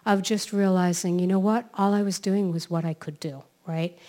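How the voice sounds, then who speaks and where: Lively woman telling inspirational stories. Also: lowish voice, normal speed. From New York City. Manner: lively storytelling, keeps asking "right?". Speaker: self-help author and speaker. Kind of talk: inspirational talk.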